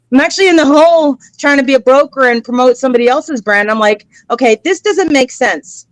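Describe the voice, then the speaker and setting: A woman's voice: mid-range voice, no room sound, rough recording. A middle-aged American woman, an interview guest, telling stories in an earnest, emotional way and acting out the voices she quotes. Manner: animated, acts out quoted voices. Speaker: interview guest, cigar educator. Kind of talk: casual conversational storytelling.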